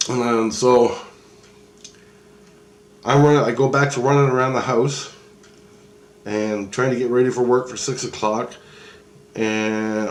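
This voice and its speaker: A man's voice: mid-range voice, a little hiss or hum. A middle-aged man, retelling a dream in a loose, profane, rambling way with many restarts. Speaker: vlogger.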